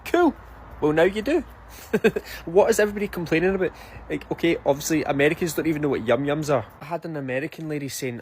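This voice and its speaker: A man's voice: fairly high pitch, animated, fast talker, slight background noise. A Scottish man with a Scottish accent speaks in a brash, emphatic way, swearing freely in a casual social media video. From Scotland.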